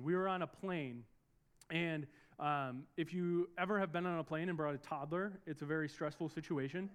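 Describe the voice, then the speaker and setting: A man's voice: high voice, fairly bright tone, clear, resonant tone. A young man preaching a sermon in church, earnest and storytelling, building up to emphatic peaks as he prays. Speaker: pastor. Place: church service in a room.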